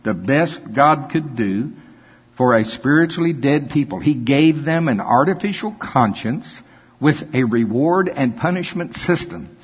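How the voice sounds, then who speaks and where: An older man preaching a sermon, reading scripture and breaking into animated, folksy asides. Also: medium pitch, measured pace, slightly rough. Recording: dull lo-fi with long hall reverb.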